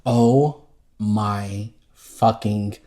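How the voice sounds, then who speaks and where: A man from the United States co-hosting a podcast, telling stories in a lively, profane, laughing way. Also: on the low side, very slow. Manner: animated, profane, laughing storyteller. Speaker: podcast co-host. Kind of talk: casual chat.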